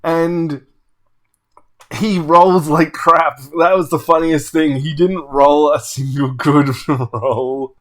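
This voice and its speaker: A man, a tabletop channel host telling a story casually, with animated, laughing asides. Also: fairly high pitch, slow.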